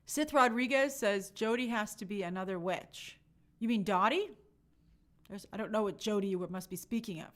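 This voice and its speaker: A young woman hosting a casual live stream, reading viewer comments aloud and chatting in an animated way with many fillers. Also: mid-range voice, moderate pace. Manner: chatty, animated, lots of fillers and quoted asides.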